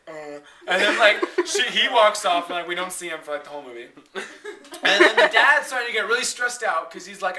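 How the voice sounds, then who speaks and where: A man's voice: high voice, lively intonation, a little fast, pushed and bright. A young man dramatically retelling a film plot, giggling and saying "like" constantly, recorded far off on a noisy home video in an echoey room at home. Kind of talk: animated comic retelling.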